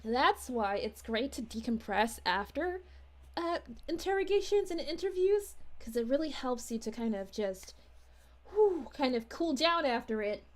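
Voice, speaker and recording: Her voice is high-pitched and animated, delivered at a measured pace. She's a character streamer voicing a sweet, bubbly young princess, reading chat and chatting in character with her livestream viewers, gushing and giggling in a sing-song manner.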